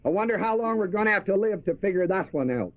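Preacher guy with a high voice, repeats words to hammer them home, dull dry lo-fi tape. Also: expressive, quick pace, dry recording. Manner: asks the audience questions and answers them; repeats key words for emphasis. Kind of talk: sermon.

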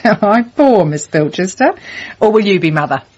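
A husky, wry nursing sister. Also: female voice, mid-range voice, animated, a little mellow, dull audio. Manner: brisk, wry, amused. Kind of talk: period TV comedy-drama acting.

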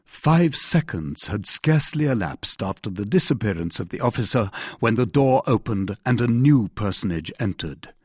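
Brief: man narrating an audiobook, animated pitch, slightly husky, dry studio sound. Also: normal speed, no echo. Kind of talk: scripted narration.

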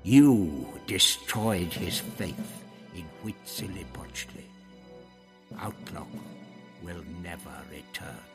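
A man voicing a hostile, limping male priest who snarls and hisses his words slowly in a storybook reading. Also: deep voice, gravelly, long reverb tail, over music, voice pushed down, exaggerated voice. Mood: cold menace. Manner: snarling, hissing, slow and menacing.

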